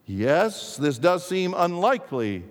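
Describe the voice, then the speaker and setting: An excitable minister exclaims in a raised voice, much higher than the narrator's own, played by a preacher in a sermon. His voice rings through a long hall reverb. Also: slow, exaggerated voice. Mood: puzzled. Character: excitable middle-aged male minister.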